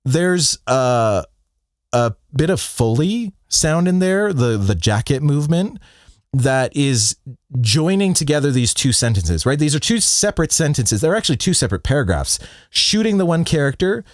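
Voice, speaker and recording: Animated man teaching sound design. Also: fairly high pitch, dry recording, studio quality. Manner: deliberate pauses for emphasis, animated. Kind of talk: livestream teaching.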